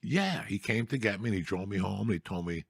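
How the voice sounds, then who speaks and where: A man's voice: lowish voice, expressive, fast, gravelly, husky, no echo, studio quality. A middle-aged man, telling profane stories in casual talk and laughing through them.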